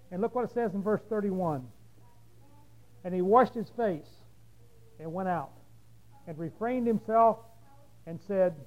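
A man preaching a sermon, reading scripture aloud, then explaining it with questions to his listeners. He drops to hushed low stretches and then rises to loud, emphatic passages. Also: poor audio.

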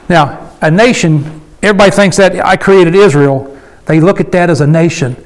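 Preaching to a small gathering, a man delivers a folksy, emphatic, conversational sermon, often asking the congregation questions in a call-and-response style. His voice is high-pitched, his speed normal, and the audio poor.

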